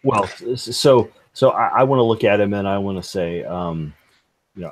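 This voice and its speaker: Man, tabletop player, very deep voice, husky, hesitant, searching for words, video call. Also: normal speed. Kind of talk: playing a tabletop game. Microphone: video call microphone.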